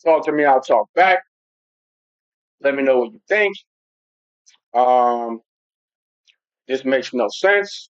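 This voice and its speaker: A man's voice: medium pitch, no room sound. A man hosting a casual football livestream who rambles loosely and talks straight to his chat. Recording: dull lo-fi home stream audio.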